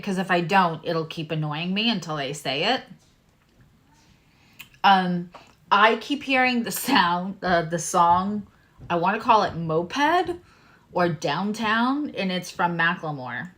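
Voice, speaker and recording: A woman doing a live-stream tarot reading, talking to her viewers with lively exclamations and asides. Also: on the low side, unhurried. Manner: animated, talks to viewers, exclamations. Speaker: tarot reader.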